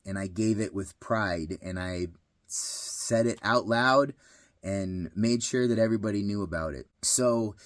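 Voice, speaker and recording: A man's voice: on the low side, a little slow, dry recording, studio quality. A man in his thirties sharing a personal story and life advice, earnest and heartfelt, repeating phrases for emphasis. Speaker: vlogger giving life advice.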